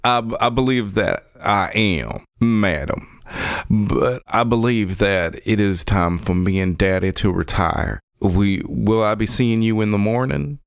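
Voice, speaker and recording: A man's voice: sits low, unhurried, no echo, clean studio sound. A man voicing a polite, charming young rogue in a tabletop role-play, in a put-on drawl. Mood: smooth.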